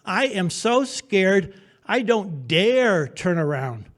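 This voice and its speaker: A man's voice: sits high, sing-song, slow. A man telling a personal adventure story on stage at a live storytelling show, in a wry, humorous, vivid present-tense way. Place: theater stage before an audience.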